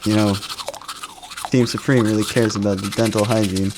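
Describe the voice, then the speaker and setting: A man co-hosting a podcast in casual chat, speaking haltingly with many pauses and chuckles. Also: fairly low pitch, fairly even intonation, noisy background. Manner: hesitant, many uhs, chuckles. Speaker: podcast co-host.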